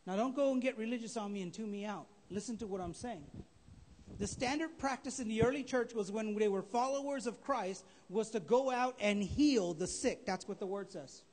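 Male pastor, very high voice, emphatic live sermon, echoing church hall. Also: normal speed, slight background noise. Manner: emphatic preaching, rising to shouts. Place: church sanctuary.

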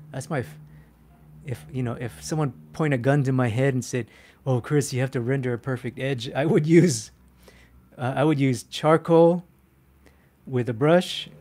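Man, art instructor on a live stream; chatty, animated, self-mocking, filler-heavy. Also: mid-range voice. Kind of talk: live-stream drawing demo, answering chat.

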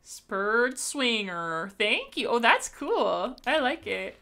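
A young woman from Canada talks to her live-stream viewers over gameplay, bubbly and quick to laugh. Her voice sits a touch high and rings very bright. She chats casually, as if in a home streaming setup. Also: sing-song, a little hiss or hum. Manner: bubbly and chatty, thanks viewers, laughs often.

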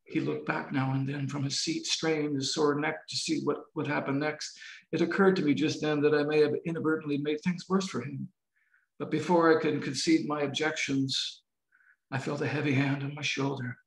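A novelist reading his novel aloud in a measured, expressive way over a video call. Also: on the high side, gravelly. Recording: roomy video-call audio.

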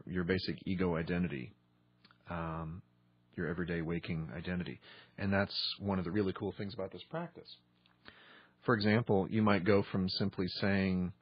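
A man teaching meditation on a podcast in a measured way, pausing often with ums. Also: on the low side, slightly rough, no room sound, dull audio. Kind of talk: instructional podcast talk.

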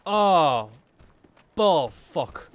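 A man's voice: on the high side, sing-song, drawn-out words, a little hiss or hum. A man commentating his own gameplay, swearing and muttering through frustrating moments. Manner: swearing, exasperated outbursts. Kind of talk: let's play commentary.

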